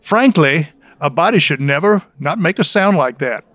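A man on a podcast putting on a deep Southern US accent as a folksy Southern gentleman rating beers, drawling and theatrical. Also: expressive, moderate pace, no echo. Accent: put-on deep Southern US. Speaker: podcast co-host.

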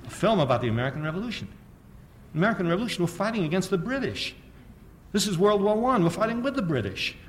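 This fast-talking history lecturer has a voice that sits high, and there's slight background noise. Sardonic and animated, he peppers his public audience with rhetorical questions and keeps chuckling at his own points.

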